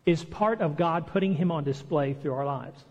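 A man's voice: on the high side, moderate pace, in a large hall, highs cut off. A man preaching a sermon in a conversational way, acting out the lines he quotes. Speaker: pastor. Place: church hall.

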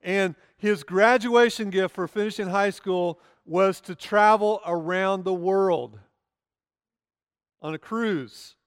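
Male pastor, sermon, high voice, smooth and clear, dry close sound, earnest slow emphasis. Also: no echo, big-room sound. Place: church sanctuary.

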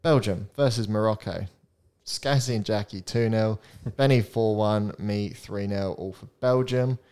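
A young man hosts a laid-back podcast chat. His voice sits low and comes across smooth and clear. He rattles through lists of match predictions and laughs often. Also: unhurried, darkish tone. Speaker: podcast host.

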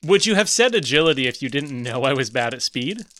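A man's voice: medium pitch, big pitch swings, fairly quick, sharp tone. A man playing a comedy tabletop game, chatty and joking. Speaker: player.

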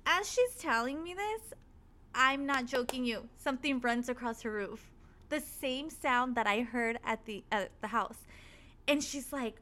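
A woman telling a spooky personal story in casual chat, animated and swearing freely as she acts out what people said. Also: on the high side, unhurried, slight background noise. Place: apartment.

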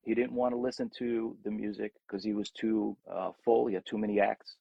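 In a casual interview, a middle-aged man who sings rock shares career stories, animatedly acting out the quoted voices of the people involved. His lowish voice is creaky and fairly quick, captured in lo-fi sound with no echo.

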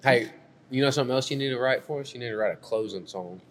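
Give me an easygoing man hosting a casual podcast, faint background rumble. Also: fast talker. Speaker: podcast host. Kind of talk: casual chat.

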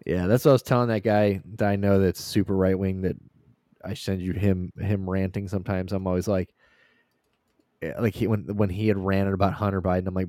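A man's voice: sits low, little pitch movement, fairly quick, warm tone, dry recording, clean studio sound. A man co-hosting a podcast, trading crude, profane jokes and laughing often. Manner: crude, laughing banter with lots of swearing. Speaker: podcast co-host. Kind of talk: casual profane chat.

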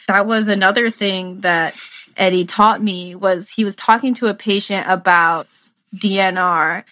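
Earnest and reflective, a medical student in her twenties shares a personal story in casual conversation, with laughter surfacing at the emotional moments. She speaks at a moderate pace in a slightly bright, medium-pitched voice.

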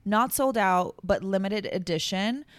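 A woman's voice: mid-range voice, unhurried, no room sound. A young woman co-hosting a casual podcast, chatty and emotional, with lots of fillers. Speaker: podcast co-host. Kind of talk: casual chat.

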